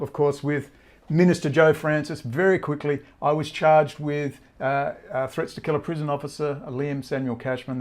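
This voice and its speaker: Speaking directly to camera, a man who works as an online commentator delivers a ranting, emphatic monologue, often repeating phrases for emphasis. His voice is medium-pitched with a darkish tone.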